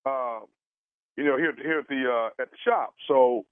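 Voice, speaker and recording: A man making a prank phone call for a radio show, halting and stammering with many fillers. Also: medium pitch, clear, resonant tone, no echo. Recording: dry tinny phone line.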